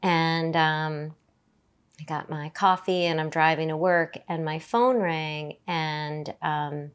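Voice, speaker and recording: Middle-aged woman, podcast guest, low-ish voice, halting with fillers and restarts. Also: fairly even intonation, clean tone. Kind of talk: personal storytelling in an interview.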